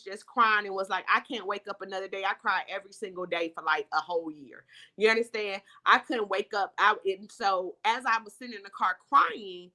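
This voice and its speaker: A woman speaks with a bright, ringing tone while she tells her faith testimony to a host. She is earnest and heartfelt, and her account wanders through many "you know" asides. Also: mid-range voice. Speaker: author guest. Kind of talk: emotional faith testimony in conversation.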